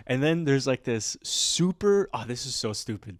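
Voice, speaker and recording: A man's voice: medium pitch, moderate pace, few pauses, dry recording, studio quality. Rambling man telling a story. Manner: rambling, filler-heavy, animated retelling. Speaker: podcast host. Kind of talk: casual storytelling chat.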